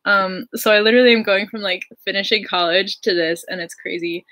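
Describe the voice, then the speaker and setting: Her voice mid-range and fairly bright, a young woman musician talks fairly quickly in a steady tone during a casual livestream from home. She's a giddy young adult who gushes and laughs a lot.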